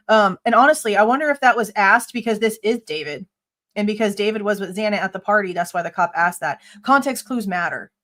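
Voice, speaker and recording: A woman's voice: medium pitch, a little fast, fairly bright tone. Blunt, skeptical true crime host woman. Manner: blunt, exasperated, sharply skeptical; casual swearing. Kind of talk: live commentary reading and reacting to a police report.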